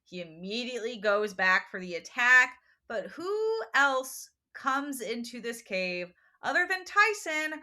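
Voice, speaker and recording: A woman co-hosts a casual podcast and recaps a novel in lively storytelling. Her voice sits a little high and bright, and she slips into short acted quotes. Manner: animated storytelling with quick voiced quotes and laughs. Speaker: podcast co-host. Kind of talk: casual book recap chat.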